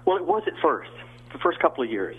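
A man's voice: fairly high pitch, big pitch swings, fast talker, slightly rough. An older man from the American South, an actor guest telling rambling anecdotes with many restarts over a phone-like line. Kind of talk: casual interview storytelling.

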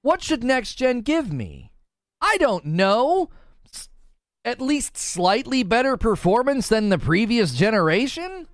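Animated young streamer, lively pitch. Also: male voice, no room sound. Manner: animated, exasperated, quick retorts. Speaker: gaming streamer. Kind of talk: casual livestream commentary.

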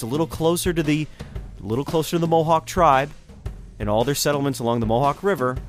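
Man, mid-pitched voice, chatty history storyteller, faint music underneath. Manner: conversational, speculative asides and restarts. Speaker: history podcast host. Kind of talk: casual history lecture.

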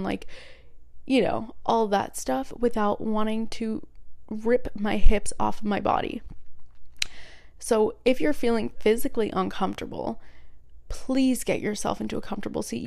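A woman's voice: fairly high pitch, gravelly, a little mellow, no room sound, studio quality. A young woman talking casually about meditation, chatty and rambling, often correcting herself. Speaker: meditation podcaster. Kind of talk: casual solo talk.

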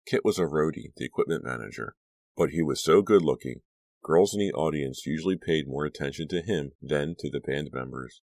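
A man narrating a young-adult horror audiobook in an even, measured reading. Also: very deep voice, vocal fry, dry recording.

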